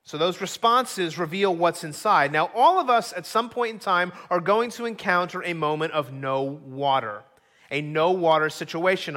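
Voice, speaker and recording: A man's voice: high voice, sharp tone. A middle-aged man preaching a sermon as pastor, earnest and acting out quoted voices.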